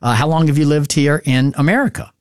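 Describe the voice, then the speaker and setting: A man hosting a morning radio talk show, relaxed and chatty as he introduces segments and asks his guests questions. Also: on the high side, brisk, clear, resonant tone, no echo, studio quality.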